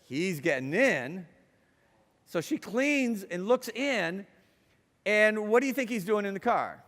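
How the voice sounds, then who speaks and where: A middle-aged man giving a lively talk to students, chatty and playful, asking the audience questions and telling stories. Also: sits high, takes it slowly. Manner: conversational and playful, asks the audience questions, acts out quotes. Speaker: speaker addressing students. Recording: long hall reverb.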